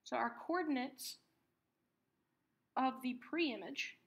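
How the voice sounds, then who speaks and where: A woman teaching a math lesson, patiently explaining terms and repeating key words slowly. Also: high voice, muffled recording.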